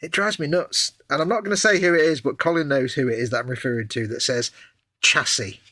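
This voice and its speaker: A British man co-hosting a casual chat, ranting in animated exasperation. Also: a little high, brisk, dry recording. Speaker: co-host.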